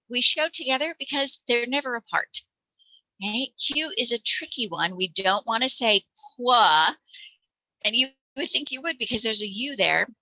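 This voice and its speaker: American woman teacher, slow and patient, very bright tone, dry close sound. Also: fairly high pitch, no room sound, highs cut off. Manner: patient, demonstrates sounds aloud. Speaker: reading teacher. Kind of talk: explaining letter sounds to parents.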